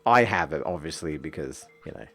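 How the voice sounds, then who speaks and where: A man's voice: very deep voice, animated, a little fast, sharp tone, soft background music. A young man streaming a video game, ranting casually with lots of swearing and exasperated jokes. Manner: profane, exasperated, jokey rants. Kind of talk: casual gaming stream commentary.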